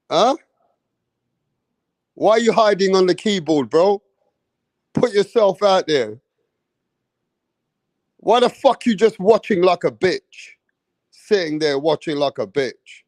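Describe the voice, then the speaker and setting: A man's voice: high voice, lively intonation, slow, long pauses, a little mellow, no echo. A man who hosts boxing commentary, mocking and taunting a viewer in a profane, repetitive rant. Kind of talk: ranting reaction commentary.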